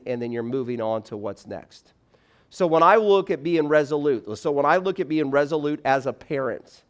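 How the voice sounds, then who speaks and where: A man in his forties speaks to a room of college students at chapel. His voice sits at an ordinary middle pitch. He keeps things animated and conversational, often acting out little scenes. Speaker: campus speaker.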